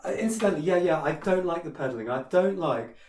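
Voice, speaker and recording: A man's voice: a little high, expressive, fast talker, heavy background noise. A man teaching a piano piece in a casual tutorial, opinionated and hesitant, with many fillers and restarts. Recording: echoey room with piano playing.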